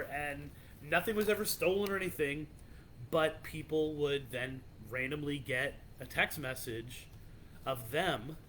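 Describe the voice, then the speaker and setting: Brief: male podcast host, slightly high voice, loose storyteller, faint rumble behind. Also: a bit bright. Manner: rambling, loose, many restarts and "like". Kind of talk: casual storytelling of legends.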